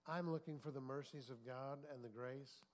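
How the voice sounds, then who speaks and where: An American pastor preaches a sermon built around a story, acting out the quotes and frequently asking the congregation for an amen. His voice is mid-range at a normal speed.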